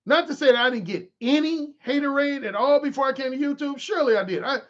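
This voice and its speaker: With a very high voice and fast delivery, a dating coach and author speaks candidly to livestream followers, animated and full of restarts. The audio is dull, captured by a desk microphone he adjusts mid-stream.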